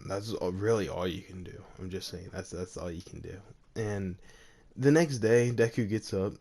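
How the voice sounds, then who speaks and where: A man's voice: low voice, moderate pace, creaky, darkish tone, slight background noise. A young man casually retelling a fan-fiction story, rambling and full of fillers. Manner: rambling, full of "like" and "you know".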